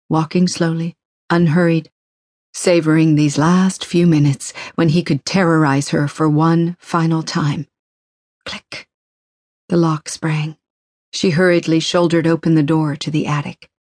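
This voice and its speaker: Woman reading a thriller audiobook, lowish voice, tense and measured, dead dry booth. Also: a little mellow, slightly rough, no echo. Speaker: audiobook narrator. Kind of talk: scripted thriller narration.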